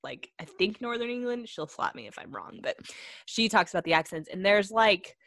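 A woman's voice: mid-range voice, big pitch swings, normal speed, a bit bright, dry recording, clean studio sound. A woman co-hosting a casual chat, rambling and laughing, with many fillers.

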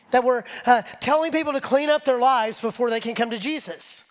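A man's voice: very high voice, brisk. A man preaching a conversational sermon, leading the congregation and acting out imagined voices as his intensity rises. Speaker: pastor.

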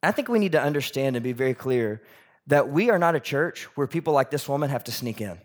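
A man preaching a sermon as pastor, lively and animated, acting out the voices of people in the story he tells. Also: mid-range voice, fast.

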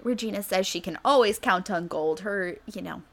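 A woman co-hosting a comedy podcast, recapping a TV episode in casual chat with a sarcastic edge and quick acted-out character lines. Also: medium pitch.

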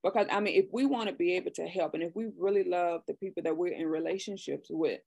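A woman's voice: on the low side, fast, vocal fry, dark tone, no room sound. A middle-aged woman hosting a casual talk show, speaking earnestly and often restarting her sentences. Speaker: podcast host. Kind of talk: casual conversation.

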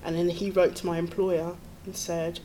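A woman's voice: on the low side, flat delivery, moderate pace, mellow, slight background noise. A middle-aged woman, a podcast guest telling her own story in an earnest, tumbling way, with nervous laughs. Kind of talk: personal storytelling.

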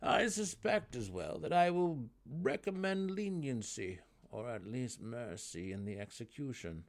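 A man voicing a gruff, suspicious male deep gnome in a dramatic audiobook reading, growling and demanding. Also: lively intonation, unhurried.

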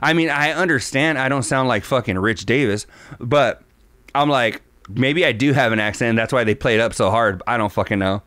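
A man's voice: medium pitch, moderate pace, a bit bright, no room sound. A man co-hosting a podcast in casual chat, loose and profane, rambling with lots of fillers. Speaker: podcast co-host.

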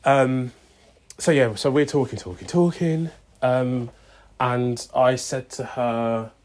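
A man's voice: mid-range voice, slow, a little mellow. A young man telling a long story casually, acting out both sides of a conversation with lots of "I was like" and "she's like".

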